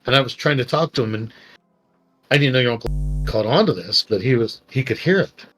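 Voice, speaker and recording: Middle-aged male co-host, rambling emotional storyteller, mid pitch, light music bed. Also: fairly quick, fairly bright tone. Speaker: podcast co-host. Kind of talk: casual storytelling chat.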